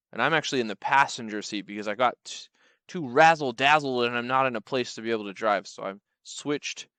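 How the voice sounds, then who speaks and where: A young man tells comic stories in a wry, rambling, playful way. His voice is bright and smooth. The recording is dry and close. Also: medium pitch, dry recording. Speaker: comedic storyteller. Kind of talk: comedic storytelling.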